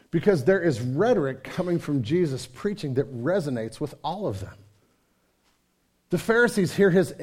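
High-voiced man preaching conversationally. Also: a little mellow. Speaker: pastor. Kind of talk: sermon.

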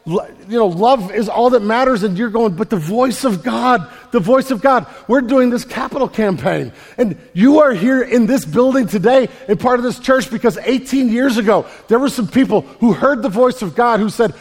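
A pastor preaching an emphatic sermon in a church, often repeating words and swinging from loud to quiet. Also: male voice, very high-pitched, animated, normal speed, few pauses. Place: church sanctuary. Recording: long hall reverb.

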